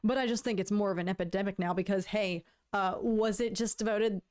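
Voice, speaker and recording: A woman hosts a casual livestream, rambling to her viewers, stammering into restarts and lamenting playfully in a mock-dramatic tone. Her mid-range voice is steady and a little mellow, moving a little fast with few pauses.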